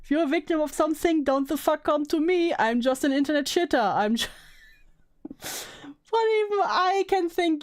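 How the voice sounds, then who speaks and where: Sarcastic woman streamer, high voice. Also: moderate pace. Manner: sarcastic, swears, laughs often. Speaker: commentary streamer. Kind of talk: casual reaction commentary.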